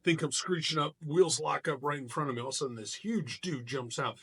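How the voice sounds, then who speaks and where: A middle-aged man, a martial artist, telling a personal story in a casual vlog, animated and loose with frequent restarts. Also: fairly high pitch, a little fast, slightly rough.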